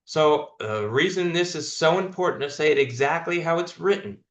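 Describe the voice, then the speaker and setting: In a roomy space, a man with a slightly high voice speaks at a moderate pace. He manages a sales team and coaches them through a meeting, instructing emphatically and showing how call lines should sound.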